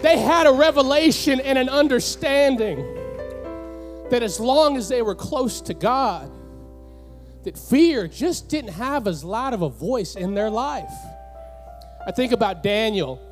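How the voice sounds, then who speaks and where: High-voiced preaching man, soft music behind. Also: animated, a little slow. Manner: impassioned, builds to shouts, repeats lines for emphasis. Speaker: pastor. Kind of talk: sermon.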